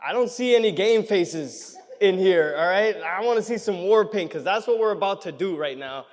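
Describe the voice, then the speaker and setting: In a big, reverberant banquet hall, a young man from Canada serves as comedian and gala host, performing stand-up, running an auction, and ribbing the crowd with energy. He speaks at a moderate pace in a high voice with lively intonation, and the sound is echoey.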